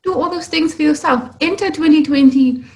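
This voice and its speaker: Brief: young woman, animated podcast host, slightly high voice. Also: fairly quick, low-quality recording. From South Africa. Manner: animated, exclamatory, laughs often. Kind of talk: casual podcast chat.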